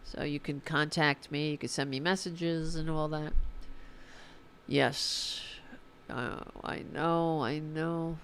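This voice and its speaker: Low-voiced, slow-talking woman livestream host. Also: fairly even intonation, fairly bright tone, slight background noise. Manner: informal and profane, fired-up about politics. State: tired. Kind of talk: casual livestream sign-off, reading chat.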